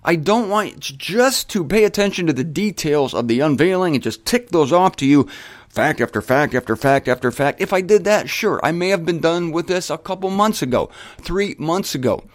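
A man hosts a show teaching the Bible, speaking emphatically and conversationally, talking straight to listeners and wandering into side remarks; at times he spells words out letter by letter. His voice is fairly high with lively intonation at normal speed, and there's no room sound.

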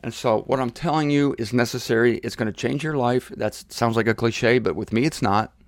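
A man hosting a Bible teaching show, preaching forcefully and repeating phrases for emphasis in a blunt, provocative way. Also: mid-range voice, fairly quick, no echo, studio quality.

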